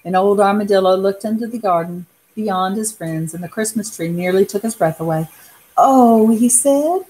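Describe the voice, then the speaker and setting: Casting: woman storyteller, gentle picture-book read-aloud, average pitch. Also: fairly even intonation, slight background noise. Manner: soft, unhurried, pausing to point at pictures.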